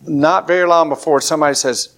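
Gravelly Southern preacher man. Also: a little high, steady tone, quick pace, a bit bright. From southern Alabama. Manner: conversational preaching with folksy asides and rising emphasis. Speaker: pastor. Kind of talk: sermon.

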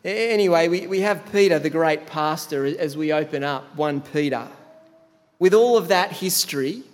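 A man's voice: a little high, moderate pace. A man preaching a sermon as a pastor, telling the story in a conversational way. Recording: long hall reverb.

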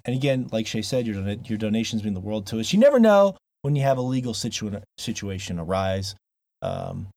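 A man's voice: medium pitch, a little mellow, no echo. A man hosting a podcast, wrapping up the show in a chatty, playful way. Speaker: podcast host. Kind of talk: casual show wrap-up.

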